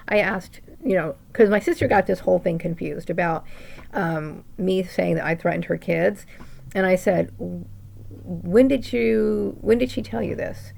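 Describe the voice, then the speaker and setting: A woman's voice: lowish voice, creaky, a little mellow. A middle-aged woman venting in a rambling personal vlog monologue, indignant, with many restarts and tag questions. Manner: rambling, indignant, full of "right?" tags and restarts. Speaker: vlogger.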